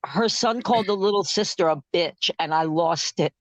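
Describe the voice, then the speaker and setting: A woman's voice: on the low side, moderate pace, dry recording, low-quality recording. Brief: fifties woman, anecdotal, laughing storyteller, dry close sound. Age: 50s. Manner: storytelling, laughs at own stories. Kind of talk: casual chat.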